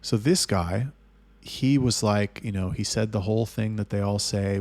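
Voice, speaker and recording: A man telling a business story in a casual monologue, blunt and full of swearing, getting loud and heated as he retells arguments. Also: on the low side, moderate pace, dry recording. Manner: blunt, heavily profane storytelling. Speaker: agency owner telling business stories.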